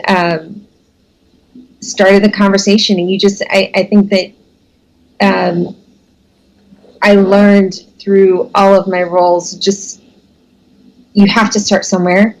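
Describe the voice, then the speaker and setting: A woman's voice: mid-range voice, low-quality recording. A woman in her thirties from the United States, telling her career story as an interview guest in a candid, self-deprecating way with frequent laughs.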